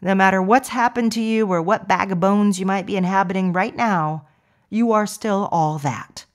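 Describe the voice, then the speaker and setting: A woman hosting a personal growth podcast, talking casually and then slowly speaking affirmations to the listener. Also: mid-range voice. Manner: chatty, warm affirmations, laughs often. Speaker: podcast host.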